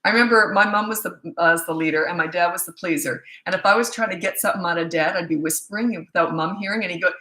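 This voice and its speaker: An older woman, a parenting coach, answering viewer questions in a quick, chatty live-stream Q&A from a phone. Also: fairly low pitch, sharp tone. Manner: fast-talking, chatty. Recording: echoey room.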